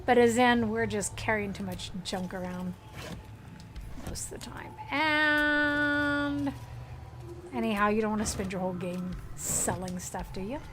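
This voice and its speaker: A woman's voice: mid-range voice, animated, unhurried, a bit bright, a little hiss or hum. An American woman streaming a video game, chatting casually and playfully, and laughing often. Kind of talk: casual gameplay commentary.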